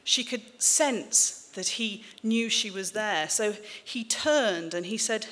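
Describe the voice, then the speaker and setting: Woman author in her forties, from the border country, reading her memoir live. Dry, wry, measured delivery. Voice carries a hall reverb. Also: medium pitch, fairly bright tone. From English-Welsh border country. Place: stage in a hall.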